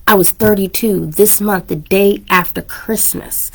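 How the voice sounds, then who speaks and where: Woman host, 30s, mid-pitched, casual and heartfelt, emotional. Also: fairly even intonation, measured pace. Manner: earnest and emotional, with laughs. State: teary. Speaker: podcast host. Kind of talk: casual personal talk to listeners.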